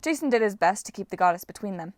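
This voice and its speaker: A woman narrating a fantasy audiobook in a steady, even storytelling manner. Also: mid-range voice, fast, dry recording, clean studio sound.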